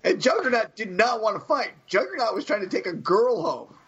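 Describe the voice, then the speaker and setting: A man with a high, husky voice chatting casually on a podcast. He tells amused anecdotes and laughs along with them. The sound is dull and lo-fi. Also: sing-song, a little fast, a bit bright. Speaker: podcast co-host. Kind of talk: casual chat. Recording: dull lo-fi audio.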